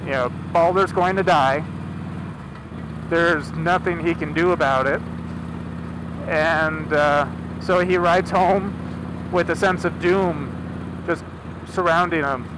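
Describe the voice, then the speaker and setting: A man's voice: fairly high pitch, takes it slowly, long pauses. Chatty man retelling myths while driving. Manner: rambling, chatty, with asides. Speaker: storyteller. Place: in a car. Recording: car engine noise behind.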